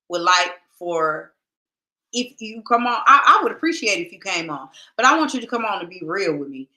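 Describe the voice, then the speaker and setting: A woman hosting a podcast, chatting casually with her viewers and reading their comments in a lively, direct way. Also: medium pitch. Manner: lively, talks straight to viewers, drawn-out "child, listen". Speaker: podcast host.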